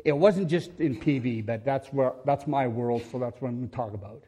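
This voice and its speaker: A man's voice: mid-range voice, fairly quick, warm tone, husky. An older man giving a rambling, homespun church testimony into a headset mic, often chuckling and restarting words. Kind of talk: folksy testimony storytelling.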